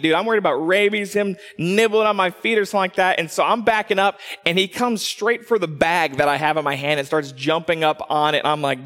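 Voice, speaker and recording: A man telling a personal story as a preacher, animated, dropping low for asides and rising when excited. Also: a little fast. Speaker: pastor. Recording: long hall reverb.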